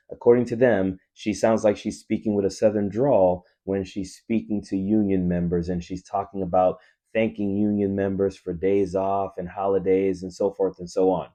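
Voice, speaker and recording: Earnest low-voiced man in his fifties. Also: dark tone. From New Orleans, Louisiana. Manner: earnest, emphatic, speaks directly to viewers. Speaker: coach and teacher, vlogger. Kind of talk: casual opinion commentary to camera.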